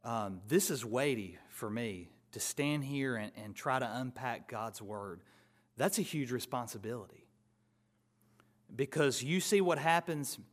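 In a mid-range voice, a male preacher explains passages of scripture, swelling into emphatic, booming contrasts and then settling down again.

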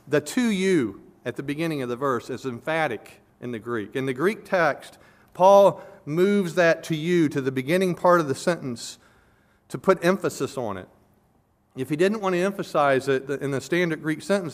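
A man preaching an expository sermon as pastor, earnestly, swelling loud on key words and then dropping low.

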